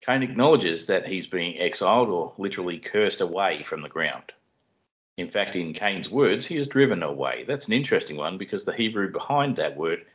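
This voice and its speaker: Man, low voice, measured Bible teaching, slightly dull lo-fi audio. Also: fairly bright tone. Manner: measured, explanatory, dry humor. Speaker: podcast co-host explaining scripture. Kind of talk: teaching Bible study podcast. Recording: dull lo-fi sound.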